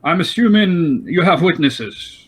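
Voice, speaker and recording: A man's voice: fairly high pitch, expressive, a little slow, husky, voice pushed up. A man voicing a fussy, pompous older male town master who blusters and gets touchy about his authority. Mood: questioning. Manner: blustering, self-important.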